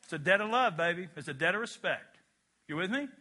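A man's voice: high voice, expressive, fast talker, sharp tone. A middle-aged man preaching a sermon, emphatic and folksy, with jokey asides and call-and-response to the congregation. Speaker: pastor.

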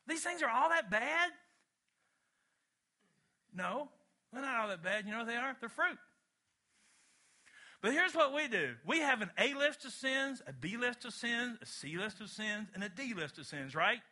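A man's voice: very high-pitched, very animated, moderate pace, bright, forceful tone. A middle-aged male pastor preaching a sermon, emphatic, with call-and-response to the congregation.

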